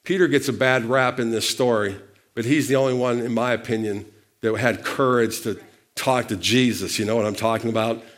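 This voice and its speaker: A male pastor delivering a lively sermon, asking questions of the congregation and prompting them to answer. He grows louder for key points and drops quieter for asides. His voice sits at an ordinary middle pitch for a man. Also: brisk. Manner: lively preaching with call-and-response questions; animated, shifts loudness for emphasis.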